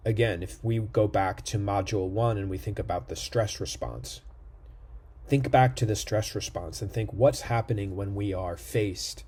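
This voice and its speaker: Man lecturing to camera, dark slightly husky tone, lots of "right?" check-ins. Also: lowish voice. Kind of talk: recorded online lecture. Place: indoor room near a street.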